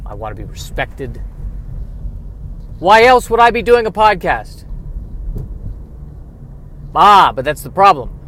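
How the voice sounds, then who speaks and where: A man's voice: mid-range voice, pushed and bright, a little hiss or hum. A man hosting a solo podcast, thinking aloud in an introspective, self-questioning way while driving a car. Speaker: podcast host. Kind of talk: solo comedic musing podcast.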